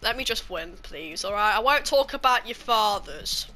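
A woman with a British accent that slips Scottish, giving excitable, foul-mouthed commentary on her own gameplay. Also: medium pitch, moderate pace. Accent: British, slipping Scottish. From Britain. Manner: excitable, swearing, jokey trash talk. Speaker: gaming YouTuber.

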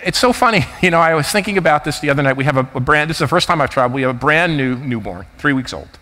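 Animated man in his fifties giving a keynote. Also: a little high, very fast. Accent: New Jersey. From United States. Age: 50s. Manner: animated, anecdotal, emphatic. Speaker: conference keynote speaker. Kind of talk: keynote talk. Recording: reverberant hall.

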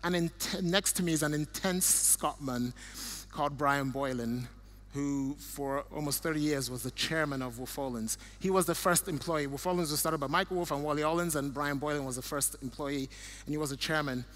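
A middle-aged man from Nigeria speaks earnestly at a church event, walking through slides and personal stories. His voice sits fairly high for a man, and he often restarts a phrase before pressing on. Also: normal speed. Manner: earnest, warm storytelling with restarts. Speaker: guest speaker.

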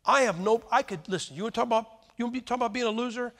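An American man preaching a sermon, telling stories with lively emphasis and sudden swings between loud and quiet. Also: very high voice, very fast. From United States. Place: church hall with a crowd. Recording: long reverb from a large hall.

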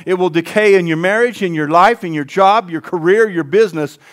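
Male pastor, higher-pitched voice, folksy sermon delivery with call-outs to the congregation. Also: brisk. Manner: folksy, asks the congregation for responses.

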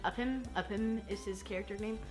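A woman's voice: medium pitch, brisk, darkish tone, soft background music. A young woman casually recapping a film she just watched, chatty and self-deprecating, often giggling and acting out lines. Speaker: film reaction host. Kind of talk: casual movie recap chat.

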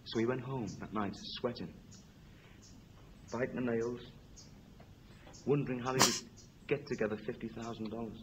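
A man tells a grim comic tale in the style of a stand-up routine, jumping between character voices as he goes. His voice sits at an ordinary male pitch. The old television recording carries a steady noisy hiss. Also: moderate pace, long pauses, dull audio. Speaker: comedian telling a story on a talk show.

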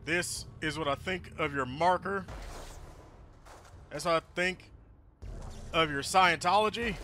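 A man's voice: fairly high pitch, expressive, measured pace, pauses often, pushed and bright, soft background music. A man doing let's-play gaming commentary, joking and sarcastic, swearing freely. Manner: jokey, profane, sarcastic.

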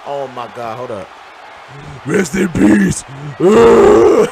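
A man commenting on his own wrestling game as he plays, loud and profane, trash-talking and often shouting. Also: sits high, very animated, slow pace, vocal fry. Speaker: gaming channel host. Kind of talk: live reactive gameplay commentary. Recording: crowd and game noise behind.

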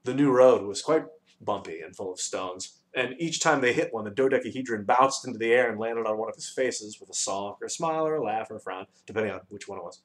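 Guy reading a kids novel out loud, expressive. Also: lowish voice, fast. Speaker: audiobook reader. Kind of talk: storybook narration.

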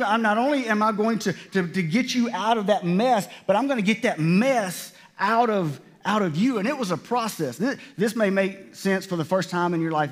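Guy pastor preaching, kinda high voice, loose and chatty, trips over his words and restarts a lot. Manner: conversational preaching with many restarts and voiced quotes. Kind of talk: sermon.

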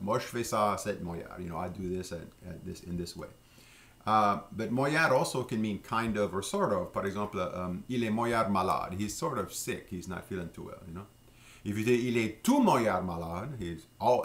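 Low gravelly man teaching. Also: a bit bright. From Louisiana. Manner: unhurried, with many fillers and slow repeated pronunciations. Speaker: French language teacher. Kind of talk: relaxed vocabulary lesson.

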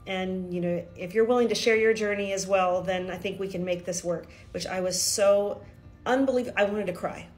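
A woman's voice: medium pitch, fairly quick, a little mellow, faint music behind. A middle-aged woman from Kentucky talking nervously and emotionally to her viewers in a personal video diary. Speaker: vlogger.

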